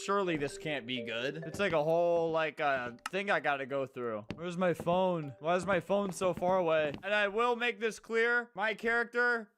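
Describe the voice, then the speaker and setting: A man doing casual gaming commentary as a YouTuber, energetic and jokey, yelping and exclaiming. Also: high voice, normal speed, few pauses, slight background noise. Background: game music.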